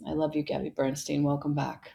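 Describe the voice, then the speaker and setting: Low, gravelly-voiced woman podcast host. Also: little pitch movement, a little fast, warm tone. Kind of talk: soft-spoken podcast ad read and intro.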